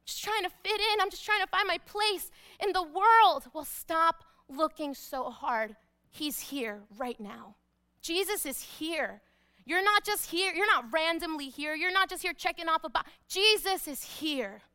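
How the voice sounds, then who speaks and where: Woman pastor, high and bright, emphatic sermon delivery with hushed repetitions. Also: animated, a little slow. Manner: emphatic, dropping to hushed repeated phrases.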